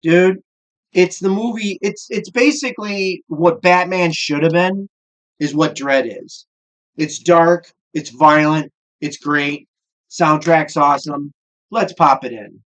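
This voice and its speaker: A middle-aged man with a Midwestern American accent hosts his own cooking show, chatting casually between tasks. He rants like a gruff, profane curmudgeon. His voice sits a little high for a man. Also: takes it slowly, a bit bright.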